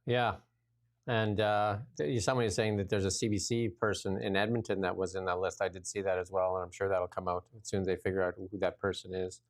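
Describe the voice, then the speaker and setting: A man's voice: low-pitched, flat delivery, fast talker. A man hosting a political talk show in casual chat, mocking and sarcastic, repeating phrases for effect.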